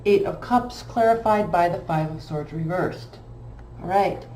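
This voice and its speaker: Woman, tarot reader, blunt, emphatic, warm mellow voice, roomy echo, faint background hum. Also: on the low side, measured pace. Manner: blunt, emphatic, repeats phrases for stress. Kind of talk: tarot card reading.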